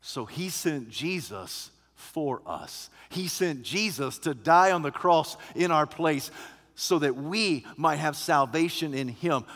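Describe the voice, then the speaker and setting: Bright-voiced preacher man in a reverberant hall. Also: a little high, lively intonation, slow. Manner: builds from quiet teaching to loud emphatic preaching. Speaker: pastor. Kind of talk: sermon.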